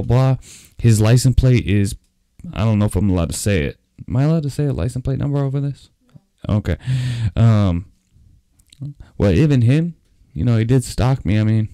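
Low mellow-voiced dude rambling through a sweary true story, dry close sound. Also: male voice, clean tone, dry recording. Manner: profane, rambling, animated retelling. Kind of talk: casual storytelling.

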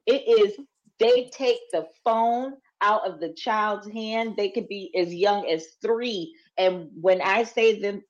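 A woman's voice: medium pitch, a little mellow, highs cut off. A woman co-hosting a casual chat, frank and blunt as she tells stories. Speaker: podcast co-host.

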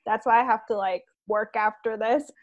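Twenty-something woman chatting fast on a muffled video call, lots of "like"s. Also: fairly high pitch. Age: 20s. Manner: quick, animated, many "like"s. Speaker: podcast co-host. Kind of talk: casual chat. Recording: dull lo-fi video call audio.

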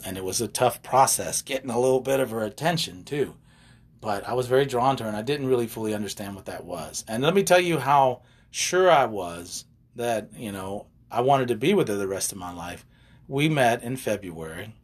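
An older man who works as a relationship coach tells stories in a relaxed chat, animated and drifting into side tales and jokes. He has a medium-pitched, slightly rough voice and speaks at a moderate pace.

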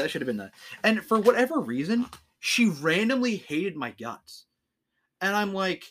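A man's voice: a little high, pushed and bright. A young man co-hosting a podcast, chatting casually and ranting with plenty of swearing. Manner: profane, ranting. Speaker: podcast co-host. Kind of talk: casual chat.

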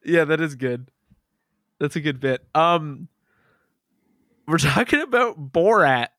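A man's voice: fairly high pitch, expressive, takes it slowly, fairly bright tone, no room sound, clean studio sound. A man hosting a casual podcast, rambling and self-deprecating, laughing often as he loses his train of thought. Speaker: podcast host.

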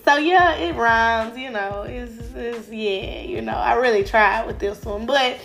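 A woman's voice: fairly high pitch, measured pace, gravelly, fairly bright tone, soft background music. A woman, stuffy from a cold, hosting a faith-based motivational podcast in a casual, encouraging way with many fillers. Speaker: podcast host.

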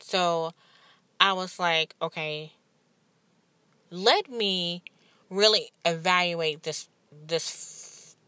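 A woman's voice: lowish voice, sharp tone, smooth, no echo. A woman in her thirties, a podcast host and life coach, telling a personal story in a candid, rambling, emotional way. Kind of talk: casual personal monologue.

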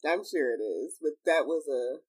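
Giggly man with a higher voice. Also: animated, moderate pace, a little mellow, rough recording. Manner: giggly, laughs often between remarks. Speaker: podcast co-host. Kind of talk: casual chat. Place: home.

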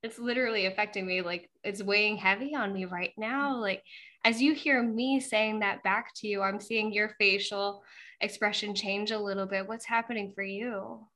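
A woman hosting a coaching-style conversation, her voice bright and a little sharp at the edges. She listens closely and reflects her guest's words back with open empathy. Then she asks gentle, probing questions. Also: mid-range voice, steady tone, normal speed. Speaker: host.

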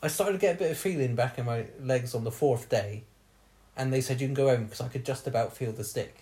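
A man's voice: mid-range voice, fairly quick, warm tone. A man, hosting a podcast and telling a long personal story in casual chat, laughing often as he goes. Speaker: podcast host.

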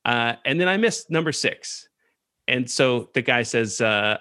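A podcast host tells a self-mocking story in a bright, forceful voice. His pitch swings widely as he animates the telling. The sound is dry and close. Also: expressive, a little slow, clean tone, no echo. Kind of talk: comedic storytelling.

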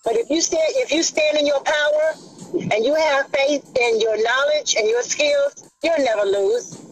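A woman's voice: high voice, a little slow, faint music behind, rough recording. A middle-aged woman calling in as the host's mother, giving earnest, encouraging words that circle back to the same phrases. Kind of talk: motivational parting words.

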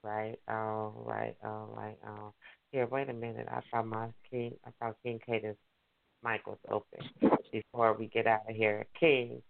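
A man's voice: fairly low pitch, little pitch movement, a little slow, gravelly. A man hosting an online radio show, hyped and repetitive, calling out to his listeners. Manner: hyped, repetitive, call-and-response. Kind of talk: casual radio show talk. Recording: tinny phone line.

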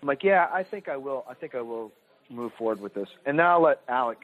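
A man's voice: mid-range voice, expressive, a little fast. A man, a filmmaker guest on a podcast, telling a candid, self-deprecating story in casual chat. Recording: tinny phone-like line.

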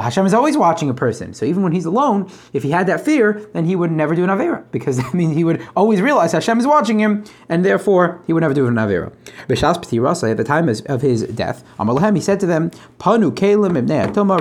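Quick, chatty male Talmud teacher who translates and explains each line as he goes. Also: on the high side, a little mellow. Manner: translates line by line, restarts phrases, conversational asides. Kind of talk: casual Talmud class.

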